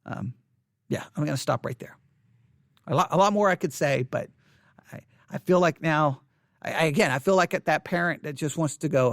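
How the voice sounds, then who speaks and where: A man's voice: fairly high pitch, fairly quick, a bit bright, no echo, studio quality. A man hosting a podcast, giving impassioned commentary in an earnest, pleading way and repeating phrases for emphasis. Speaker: podcast host. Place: home studio in Texas.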